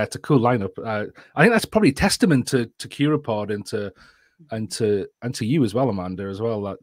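A man's voice: on the low side, no echo, studio quality. A man with a Geordie accent from the northeast of England, speaking on a video call, chatty and self-deprecating with frequent restarts. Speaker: guest speaker, educator. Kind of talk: casual chat and presentation. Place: home room at night, video call.

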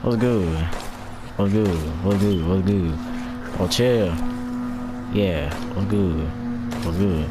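A man giving casual, slangy commentary over a horror game, taunting enemies and shouting loud excited reactions. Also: deep voice, slow, music in the background. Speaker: gaming channel host.

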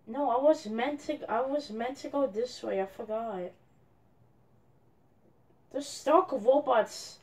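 Young woman gamer, fairly high voice, unhurried, frustrated complaining. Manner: frustrated, complaining, shouting at a teammate. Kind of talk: gameplay commentary.

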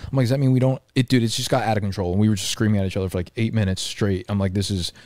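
A man's voice: fairly low pitch, rapid-fire, darkish tone, no room sound. A young man co-hosting a podcast, telling an exasperated, rambling story and swearing freely in a casual chat. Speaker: podcast co-host. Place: apartment room. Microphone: studio mic.

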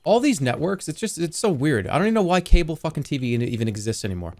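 A man in his thirties streaming a game live, talking in an animated, rambling and profane way. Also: a little high, quick pace. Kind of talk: live gameplay commentary.

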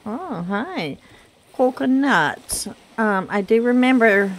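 A woman in her thirties with a Southern US accent, chatting casually through gameplay, her voice rough from congested sinuses. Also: medium pitch. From Southern United States. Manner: chatty, rambling, self-deprecating with fillers. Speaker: gaming channel host.

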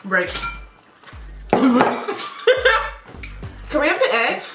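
A woman's voice: high voice, big pitch swings, extremely slow, recorded from a distance. A woman vlogging a spicy food challenge, playful and groaning as she mumbles through mouthfuls. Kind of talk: casual challenge vlog. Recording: echoey room with music behind.

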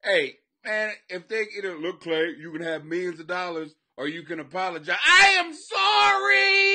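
A high-pitched man with a bright, forceful edge rambles through a profane comedy monologue from his basement. He laughs at his own jokes and swears freely as he talks to listeners. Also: steady tone, moderate pace, hardly any pauses. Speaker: podcast host and comic. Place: home basement.

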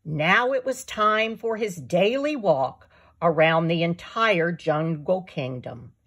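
Slow, breathy storybook narrator woman. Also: lowish voice, expressive. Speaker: children's book author. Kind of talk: storybook read-aloud for young children.

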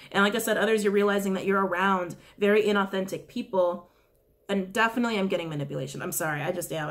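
A woman at a middle pitch for her sex gives a loose, conversational tarot reading. She speaks casually and bluntly, swears without hesitation, and keeps repeating her questions to the cards as she draws. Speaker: tarot reader.

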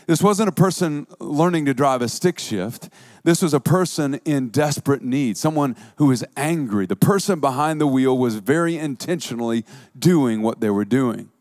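A man preaching a sermon as a pastor, telling a story vividly with dramatic swings between hush and intensity. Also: medium pitch, animated, moderate pace, no echo, clean studio sound.

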